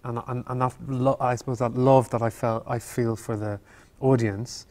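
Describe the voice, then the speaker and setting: A man, an actor as interview guest, telling stories in a halting, thoughtful way and often circling back on his words. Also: mid-range voice, flat delivery, darkish tone. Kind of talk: Q&A interview, reflective storytelling.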